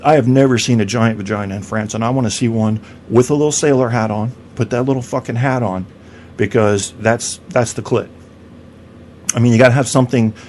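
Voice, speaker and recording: A man's voice: mid-range voice, steady tone, a little fast, a little mellow, slight background noise. A man hosting a podcast in a crude, rambling comedic rant, swearing and stammering through restarts. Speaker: podcast host.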